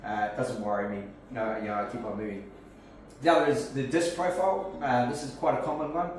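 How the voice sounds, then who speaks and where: A man's voice: medium pitch, fairly even intonation, a little fast, a little hiss or hum. A man with a New Zealand accent, a life coach giving a casual live talk to a networking group, speaking conversationally with frequent restarts and fillers. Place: cafe function room, in front of a group. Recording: echoey room, distant mic, faint ambience.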